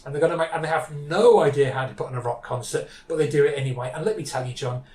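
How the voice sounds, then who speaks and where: A man's voice: on the high side, rapid-fire, a little mellow. Enthusiastic man chatting about comics. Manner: enthusiastic, acts out characters' lines. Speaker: podcast co-host. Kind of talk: casual chat about comics. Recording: echoey room.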